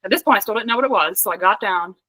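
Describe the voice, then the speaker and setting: A young woman from Pennsylvania with a bright, ringing voice, telling a story in lively casual chat. She laughs often and strings her thoughts together with "like". The sound is dry and close. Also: mid-range voice, rapid-fire, no room sound, rough recording. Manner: animated, laughs often, heavy use of "like". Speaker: podcast guest, hunter.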